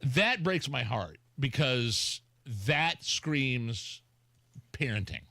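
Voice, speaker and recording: A middle-aged man from Indiana, co-hosting a radio show and telling stories in excitable, casual banter. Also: medium pitch, very slow, vocal fry, no echo. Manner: excitable storyteller. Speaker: radio co-host.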